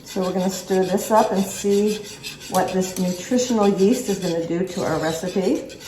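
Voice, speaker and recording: A woman hosting her own home cooking vlog, talking her viewers through each step in a friendly, chatty way while she stirs and films with one hand on her phone. The kitchen rings with echo, and soft clinks of spoons and dishes sit behind her voice. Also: mid-range voice, steady tone, normal speed, slight background noise. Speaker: cooking channel host. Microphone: handheld phone camera. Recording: echoey kitchen, clattering dishes. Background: utensil and dish clatter.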